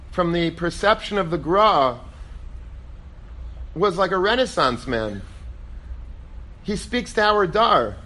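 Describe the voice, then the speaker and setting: High, bright-voiced male rabbi teaching. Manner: animated, acts out quoted voices; lively storytelling, peppered with Hebrew and Yiddish terms. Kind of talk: Torah class.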